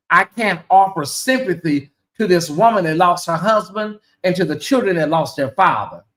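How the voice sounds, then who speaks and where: A woman hosting her own commentary channel, talking to viewers in an animated, emphatic and sarcastic way. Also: on the low side.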